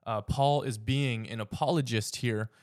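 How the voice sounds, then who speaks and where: A man's voice: medium pitch, fairly even intonation. A man with a Canadian accent leading a church discussion as its teacher, talking informally with frequent fillers and restarts. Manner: halting, with frequent fillers and repeated words.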